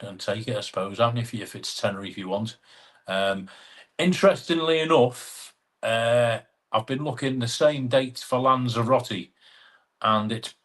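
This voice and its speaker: A man's voice: on the low side, a bit bright. A man with an English accent hosting a casual live stream, chatting in a matey way and reading out viewer comments.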